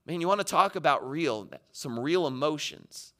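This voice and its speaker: A man preaching a sermon, building from quiet reflection to impassioned, near-shouted readings of a psalm. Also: a little high, lively intonation, normal speed, hardly any pauses. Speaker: pastor.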